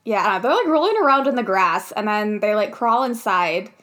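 A woman's voice: mid-range voice, expressive, moderate pace, fairly bright tone. A young woman casually recapping a movie as a podcast co-host, laughing often and acting out quoted lines in playful voices.

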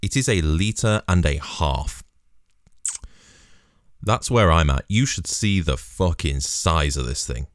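A man's voice: a bass voice, animated, slow pace, pauses often, dry recording, clean studio sound. A man delivering a rambling, sweary, sardonic comedic monologue in a casual style.

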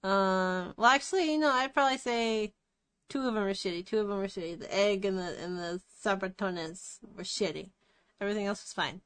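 A woman's voice: medium pitch, fairly quick, a bit bright, smooth, no room sound. Blunt, foul-mouthed woman, dry close sound. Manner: blunt, swears constantly, dry joking. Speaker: podcast host. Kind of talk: casual chat.

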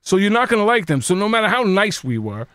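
A high-pitched man with a very lively, swooping voice rants emphatically as a podcast co-host. The sound is dry and close, with no room around it. He talks in a casual, animated way. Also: fast, no room sound. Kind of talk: casual recap podcast chat.

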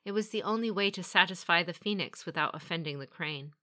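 A woman reading a fantasy novel aloud with steady, even storytelling. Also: on the low side, fairly quick. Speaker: audiobook narrator. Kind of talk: scripted fantasy narration.

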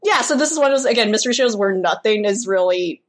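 A woman's voice: medium pitch, animated, fast. A woman chatting casually on a podcast, giving rambling opinions with lots of fillers. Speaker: podcast co-host. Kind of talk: casual chat.

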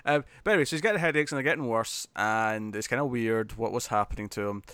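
Guy on a podcast, animated, keeps doing the characters' voices, dry close sound. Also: medium pitch, quick pace, clean tone, no room sound. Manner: animated, laughing, acting out characters' lines. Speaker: podcast co-host. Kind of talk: casual chat recapping a TV episode.

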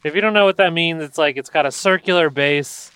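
A man's voice: fairly high pitch, fairly quick, sharp tone, smooth. A man co-hosting a casual podcast chat, prone to giggles and crude jokes, often restarting his sentences. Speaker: podcast co-host.

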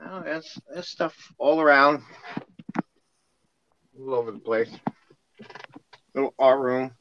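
A man's voice: mid-range voice, slow pace, pushed and bright, highs cut off, slight background noise. An easygoing man calling in from his home studio for a casual chat. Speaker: guest.

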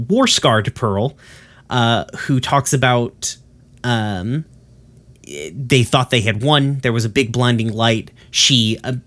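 A man casually retelling a cartoon episode in a rambling way, with lots of fillers and the odd swear word. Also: medium pitch.

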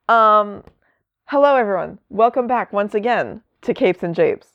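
A woman's voice: medium pitch, lively intonation, a little slow, no echo. A woman co-hosting a podcast, explaining things in a chatty way with many asides. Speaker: podcast co-host. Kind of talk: casual chat. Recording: dull lo-fi sound.

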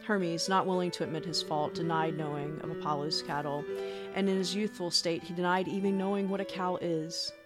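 A podcast co-host retelling a myth in a slow, measured way. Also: mid-range voice, fairly even intonation, over loud music. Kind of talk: storytelling with music behind.

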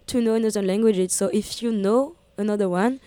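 Young french woman, strong french accent, radio guest, mellow warm tone, relaxed and hesitant. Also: medium pitch, brisk, clean tone, no room sound. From France. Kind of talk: casual interview.

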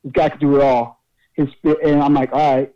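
A man's voice: medium pitch, little pitch movement, a little fast, muffled recording. A man who wrestles professionally, telling a story from the ring in a casual, swearing, laughing way. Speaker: pro wrestler guest.

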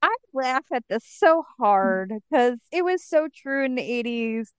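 A woman's voice: high-pitched, lively intonation, a little slow, smooth, dry recording. A woman co-hosting a podcast in casual chat, teasing and nostalgic. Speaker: podcast co-host.

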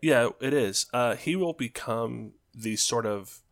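A man's voice: medium pitch, slow pace, fairly bright tone, dry recording, studio quality. A man hosting a podcast, chatting casually, laughing often and reading out an episode synopsis. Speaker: podcast host. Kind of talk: casual chat with read synopsis.

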